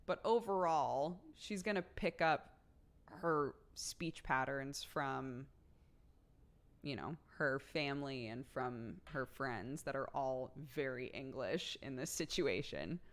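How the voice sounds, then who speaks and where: A chatty American woman streaming and talking casually with her viewers. Her voice sits low for a woman, and she laughs often and fills her talk with "like.". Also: takes it slowly. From United States.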